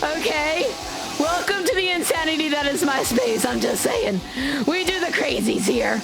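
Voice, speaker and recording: A woman streaming a game live, talking loudly and playfully to her chat, teasing and swearing. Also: high-pitched, animated, moderate pace, gravelly, loud music behind the voice.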